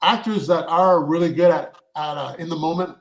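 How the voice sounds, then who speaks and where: High-voiced man explaining acting. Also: steady tone, moderate pace, poor audio. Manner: explains at length with many restarts. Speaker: podcast co-host and actor. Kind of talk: casual chat.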